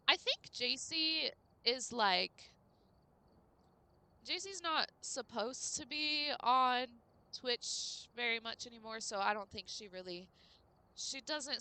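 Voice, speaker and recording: Bright, lively young woman streamer. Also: on the high side, vocal fry, clean tone. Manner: rambling and chatty, full of "like" fillers. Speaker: game streamer. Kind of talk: casual live-stream chat with viewers.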